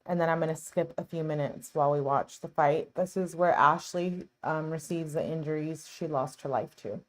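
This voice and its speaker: A woman's voice: deep voice, moderate pace. Earnest chatty woman hosting true crime. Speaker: true crime channel host. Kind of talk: casual commentary over footage.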